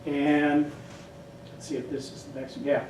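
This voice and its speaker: An older man speaks a little high, his voice caught from far off in a roomy hall with faint room noise behind it. He rambles through his stories in the loose way of a guest speaker. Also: flat delivery, moderate pace, darkish tone. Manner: rambling storyteller, acts out quoted voices. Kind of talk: casual lecture.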